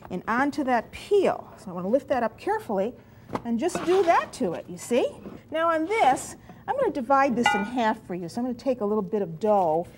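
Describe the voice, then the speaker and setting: A woman's voice: fairly high pitch, a little mellow, a little hiss or hum. A middle-aged woman hosting a cooking show, chatty and enthusiastic as she talks viewers through each step in a studio kitchen. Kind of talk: cooking demonstration.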